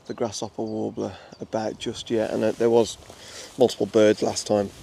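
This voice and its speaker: A man's voice: lowish voice, level tone, moderate pace, creaky, warm tone, a little hiss or hum. A young man with an English Midlands accent, chatting casually with many fillers and restarts as he films on a walk through a nature reserve. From England. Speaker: wildlife photographer. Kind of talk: casual vlog narration outdoors.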